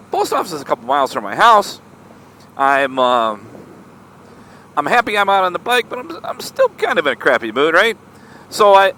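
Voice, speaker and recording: An animated man tells a story in a bright, lively voice that swings up and down as he talks. He is chatty and keeps checking in with his listener. Faint traffic noise hums in the background outdoors. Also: a little high. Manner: animated, chatty, lots of "right?" asides. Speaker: motorcycle vlogger. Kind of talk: casual storytelling vlog.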